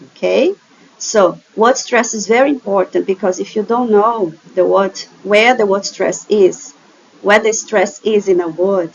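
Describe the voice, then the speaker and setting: A woman's voice: medium pitch, vocal fry, muffled recording. A woman English teacher with a Brazilian Portuguese accent, patiently explaining slides in a recorded online lesson and checking in often with "okay?".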